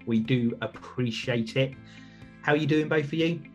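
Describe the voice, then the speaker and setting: A man's voice: mid-range voice, moderate pace, highs cut off, faint music behind. A man hosting a podcast, chatting casually and rambling with restarts. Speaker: podcast host.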